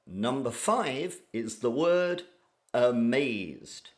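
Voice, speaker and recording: Male teacher for an exam-prep lesson, careful and slow, repeats key words, lively pitch. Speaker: English teacher. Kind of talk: IELTS vocabulary lesson.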